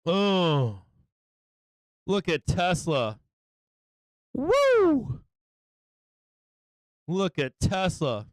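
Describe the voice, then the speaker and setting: A man hosting a live stock market stream, excitable and taunting, repeating his phrases and laughing often. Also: a little high, slow, pauses often, clear, resonant tone, dry recording. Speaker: stock market livestream host.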